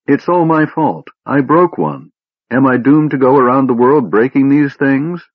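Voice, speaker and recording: A man's voice: medium pitch, animated, unhurried, dry recording, phone-quality sound, pitched above the performer's own voice. A man voicing a young male kender who wails and blubbers in distress. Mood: wailing. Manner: wailing, blubbering. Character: grieving young kender man, tearful and frantic.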